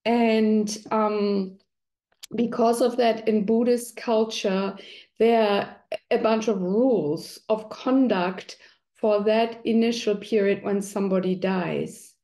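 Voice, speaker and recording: A woman's voice: medium pitch, steady tone, takes it slowly, dark tone. A middle-aged woman talking conversationally, now and then acting out quoted voices. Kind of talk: explanatory talk.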